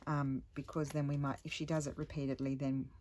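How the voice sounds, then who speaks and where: Middle-aged woman, low voice, rambling chat, restarts often, faint hiss behind. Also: level tone, fairly quick. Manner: rambling storytelling with many restarts; sometimes drops to a hushed voice. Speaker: crafting vlogger. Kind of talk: casual chat while crafting.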